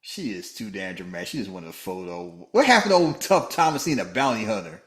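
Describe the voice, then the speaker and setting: A man co-hosting a casual movie-review podcast, joking and animated, often slipping into mock voices. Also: fairly quick, reverberant. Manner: animated, jokey, slips into high-pitched mock voices. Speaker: podcast co-host.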